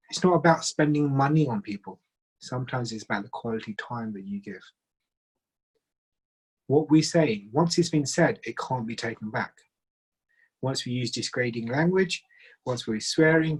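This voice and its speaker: A man speaks at a relationship seminar with a slightly husky voice. He is earnest and emphatic and sets out his advice in short, listed phrases. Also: mid-range voice, rough recording. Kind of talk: seminar talk.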